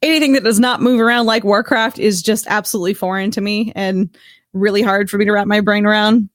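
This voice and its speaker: A woman's voice: medium pitch, fairly even intonation, fast, no echo, studio quality. A woman on a casual podcast, stuffed up and tired from a cold, chatting in a joking, self-deprecating way.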